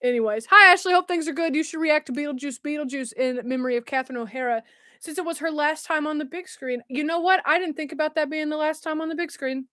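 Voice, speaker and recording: A woman's voice: high voice, fast, sharp tone, no room sound, clean studio sound. A woman hosting a casual livestream. She chats, laughs often and reads viewer comments aloud. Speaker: livestream host. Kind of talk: casual live chat.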